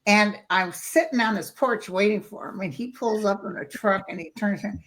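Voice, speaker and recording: A woman guest telling stories in casual chat, lively and acting out the voices of people she quotes. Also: mid-range voice, moderate pace. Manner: lively storyteller who acts out quoted voices.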